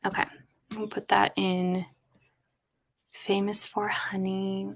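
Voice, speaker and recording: A woman chats on a live stream while she writes. She talks through her ideas aloud in a loose, rambling way and tosses in quick asides. Her pitch sits in the middle. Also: level tone. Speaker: writer livestreaming with chat. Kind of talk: casual live-stream chat.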